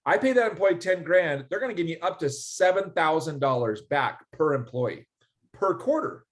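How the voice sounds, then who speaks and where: A man's voice: a little high, moderate pace. A man explaining a business tax refund in a casual interview, telling stories and acting out conversations. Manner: animated storyteller, acts out quoted dialogue. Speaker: ERC specialist guest.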